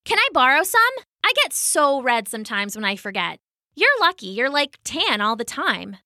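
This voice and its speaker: A woman voicing Isabella, a cheerful, eager young girl who talks in a bubbly, excited way in a children's audio story. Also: high voice, moderate pace, no echo, clean studio sound, pitched above the performer's own voice, heavily acted.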